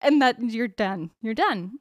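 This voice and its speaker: A woman's voice: a little high, expressive, slow, no room sound. A young adult woman co-hosting a podcast in casual chat, candid and joking. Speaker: podcast co-host.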